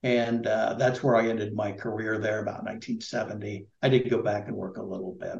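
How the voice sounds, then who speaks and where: A man's voice: on the low side, flat delivery, fairly quick, gravelly, echoey room, muffled recording. A middle-aged man from Indiana, a political candidate, talking casually in an interview with lots of fillers and restarts. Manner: rambling, many fillers and restarts.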